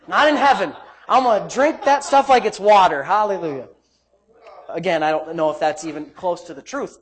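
A man preaching a sermon as pastor, fervent and exclaiming praise between verses. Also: sits high.

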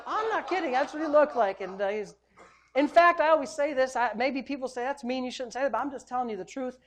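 Middle-aged male pastor, lively joking sermon delivery. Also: extremely high pitch, fast talker. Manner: animated, joking, preacherly exclamations.

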